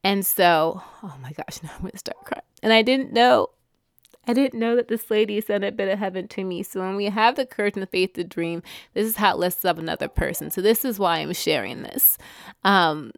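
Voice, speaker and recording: A woman's voice: medium pitch, normal speed, creaky, no echo, studio quality. A woman vlogging, talking through personal struggles in a heartfelt, rambling way with self-corrections. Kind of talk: emotional personal sharing.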